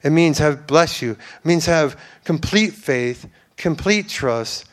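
A man's voice: a little high, animated, slow. A man giving an informal, earnest sermon to a church, rambling with fillers and restarts. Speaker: preacher.

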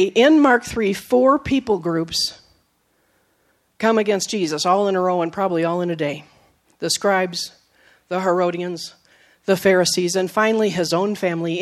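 A woman preacher giving a sermon, telling stories with acted quotes, moving from emphatic lines to soft, low asides. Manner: storytelling, with acted quotes and laughs.

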